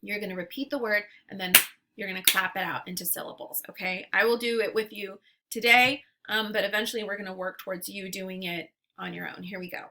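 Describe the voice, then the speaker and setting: A woman teacher leading a phonics lesson for young children, patient and deliberate, stretching out sounds and syllables. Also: medium pitch, fairly even intonation, pushed and bright, slight background noise.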